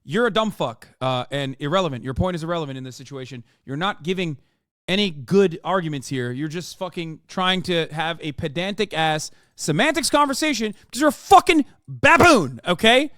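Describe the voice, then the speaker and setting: This streamer, a man in his thirties, argues angrily with his chat as he reacts to a political interview, swearing and picking fights. He has a fairly high, slightly bright voice, brisk and expressive. The sound is dry and clean, like a studio.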